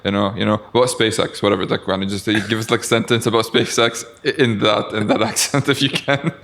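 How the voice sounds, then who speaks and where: Low gravelly guy, talks fast, trips over his words a lot. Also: level tone, fairly bright tone, a little hiss or hum. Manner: stumbling, repeats words, teasing. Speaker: podcast co-host. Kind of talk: casual chat.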